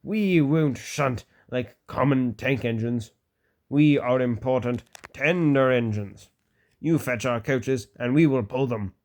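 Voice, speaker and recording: A man's voice: medium pitch, slow, a little mellow, close to an everyday voice. Haughty storybook steam engine, big and rude, drawls his words, as a man reads it.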